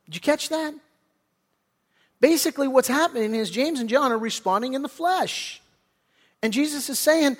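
A man's voice: extremely high pitch, moderate pace. A man preaching a sermon as pastor, talking conversationally and acting out quoted voices, with frequent restarts. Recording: church hall reverb.

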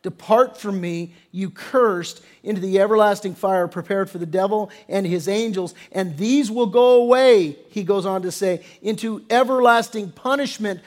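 A male pastor delivering a sermon with emphatic preaching, punching words loudly and then dropping low, and acting out quoted attitudes. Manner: emphatic preaching with sudden loud stresses and drops; acts out quoted attitudes in character.

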